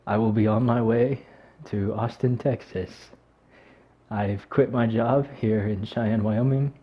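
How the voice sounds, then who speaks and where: A man speaking to camera in a vlog, teary and on the edge of crying, talking in an emotional, halting way. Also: lowish voice, highs cut off. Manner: emotional and halting, breaking into nervous laughs. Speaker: vlogger. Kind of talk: heartfelt talk to camera.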